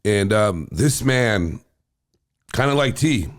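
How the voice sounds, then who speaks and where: A man co-hosting a podcast, speaking earnestly and emotionally with halting pauses. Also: lowish voice, lively intonation. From Salinas, California. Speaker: podcast co-host. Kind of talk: casual podcast chat.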